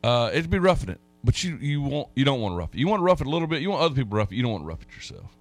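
A man's voice: medium pitch, big pitch swings, racing, faint music behind. A man hosting a sports talk radio show, telling stories in a folksy, rambling way with many restarts. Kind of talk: casual sports radio chat.

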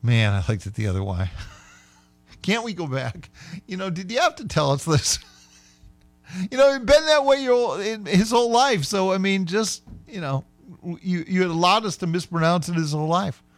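A man hosting a sports radio show, chatting casually and playfully, sometimes slowing right down to sound out words. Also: high voice, expressive, no echo, faint music behind.

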